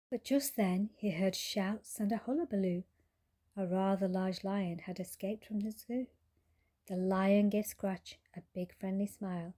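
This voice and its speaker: A woman reading a rhyming bedtime story aloud with a gentle, rhythmic delivery. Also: medium pitch.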